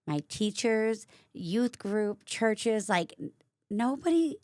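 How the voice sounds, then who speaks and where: A woman hosting her own vlog, candidly telling a personal story in a casual, animated way. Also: a little high, extremely slow, pauses often, no room sound, clean studio sound. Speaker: vlogger host.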